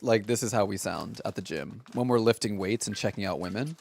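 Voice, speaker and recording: A man's voice: fairly low pitch, fairly quick, vocal fry, a little mellow, a little hiss or hum. A man streaming a game live, chatting playfully and mocking himself with laughter. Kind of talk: casual live-stream chat.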